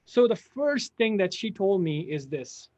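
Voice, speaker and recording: A man's voice: high-pitched, very animated, unhurried, darkish tone. Rambling man telling his story. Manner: rambling, many restarts, addresses viewers directly. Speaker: channel host telling his career story. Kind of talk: personal storytelling live stream. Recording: dull lo-fi sound.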